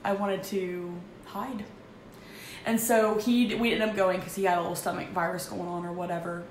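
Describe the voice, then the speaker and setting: A woman in her thirties candidly confessing her struggles in a halting, emotional vlog, with frequent restarts. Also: lowish voice, steady tone. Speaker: vlogger. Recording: echoey room with faint background noise.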